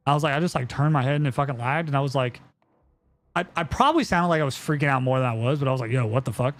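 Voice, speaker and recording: A man's voice: medium pitch, lively intonation, rapid-fire, a bit bright. A young man chatting casually on a live stream, telling a story in a rambling way with lots of fillers and swearing.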